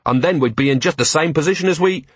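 A man voicing a gruff, weary police commander who speaks curtly. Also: a little high, fast, no echo, pitched above the performer's own voice. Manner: gruff, curt.

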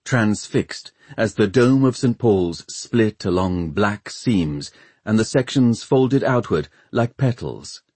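A low, husky male voice reads a novel aloud in measured, expressive narration. His pitch swings widely through the sentences. The recording is close and dry. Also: no echo. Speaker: audiobook narrator. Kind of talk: scripted narration.

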